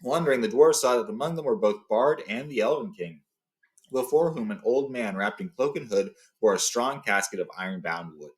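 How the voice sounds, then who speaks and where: A man reading a fantasy novel aloud, relaxed and loose, paraphrasing with fillers. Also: mid-range voice, normal speed. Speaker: storyteller. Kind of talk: casual read-aloud of a novel.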